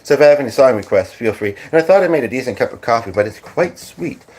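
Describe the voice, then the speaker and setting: A man's voice: medium pitch, lively intonation, fast talker, a little mellow. Playful chatty man hosting a livestream. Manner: chatty, playful, breaks into little sung bits. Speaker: livestream host. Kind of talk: casual livestream chat.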